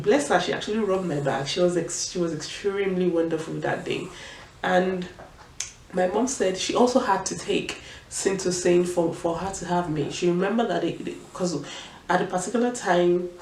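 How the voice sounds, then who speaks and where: A young Nigerian woman telling a personal story in a vlog, in an animated and emphatic way. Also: on the low side, gravelly. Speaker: vlogger. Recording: roomy echo, distant mic, faint room noise.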